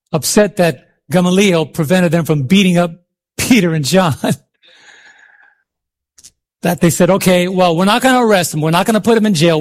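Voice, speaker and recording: Man, high voice, passionate sermon, preacher, call-and-response. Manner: impassioned, calls out to the congregation. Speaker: pastor.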